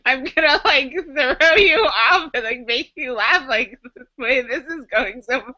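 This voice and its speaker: A woman's voice: sits high, expressive, measured pace, pushed and bright. A woman guest in a casual recorded chat, giggly and chatty, with lots of "like" in her speech. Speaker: guest, erotica writer and editor. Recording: dull lo-fi web recording.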